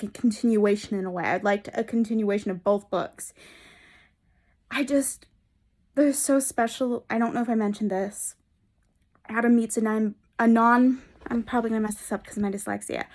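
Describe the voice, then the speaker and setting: A young woman talks to camera in a casual book vlog. Her voice sits at an ordinary middle pitch. She gushes with enthusiasm, rambling and restarting her sentences. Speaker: book vlogger. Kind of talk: casual reading vlog chat.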